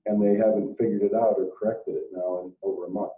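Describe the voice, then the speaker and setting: A man co-presenting a salon business webinar, chatting in a relaxed way with frequent restarts. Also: fairly low pitch, fast, a little hiss or hum. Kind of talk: casual webinar discussion. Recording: echoey, phone-like sound from across the room.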